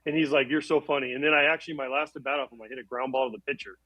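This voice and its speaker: A man's voice: mid-range voice, bright, forceful tone, highs cut off. A man in his forties, a former baseball catcher, chatting as a guest and telling stories about himself. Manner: fast, chatty, self-deprecating storyteller. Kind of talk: casual chat.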